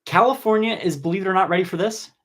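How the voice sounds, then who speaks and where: A man from New Jersey hosting a casual live-stream Q&A on cosmetology, chatty and rambling, with sudden excited jumps in pitch. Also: fast. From New Jersey, USA. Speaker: cosmetology educator and host. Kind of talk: casual live-stream Q&A reading viewer comments.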